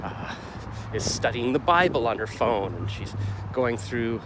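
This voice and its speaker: A man's voice: mid-range voice, lively intonation, unhurried. Rambling middle-aged man, street noise behind. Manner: rambling, self-questioning, gets heated retelling the clash. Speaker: vlogger. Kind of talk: casual confessional vlog.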